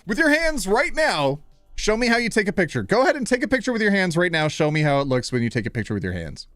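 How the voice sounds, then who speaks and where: A man's voice: sits high, very animated, fast talker, a bit bright, no echo, clean studio sound, faint music behind. A man in his thirties hosting a live stream, playful and self-deprecating, fumbling over names and joking with chat. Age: 30s.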